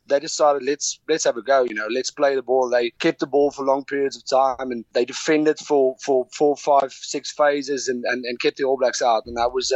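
A man from Namibia, a former rugby player chatting casually as a guest from a hotel room, relaxed and hesitant with many fillers. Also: mid-range voice, dry recording. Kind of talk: casual interview chat. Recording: dull lo-fi remote call.

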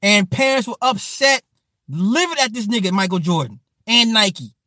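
A man in his forties spins a casual story for his live chat, swearing freely and repeating himself for effect. His voice sits high and the sound is dry and close. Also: moderate pace, no room sound. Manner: profane, animated, repetitive slang. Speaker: streamer talking to chat.

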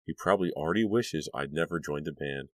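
A man's voice: a bass voice, fast, dry recording. A man voicing a frantic teenage girl haunted by violent visions, screaming and pleading.

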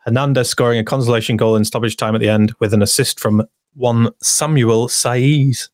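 A man's voice: mid-range voice, fairly even intonation, moderate pace, darkish tone, no echo, studio quality. A man co-hosting a casual football podcast, chatting and reading out listener comments. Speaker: podcast co-host.

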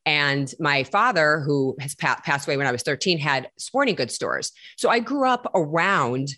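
A middle-aged woman with a low voice talks candidly as a guest. She is blunt and emphatic and swears in passing. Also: expressive, moderate pace, pushed and bright. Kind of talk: candid conversation.

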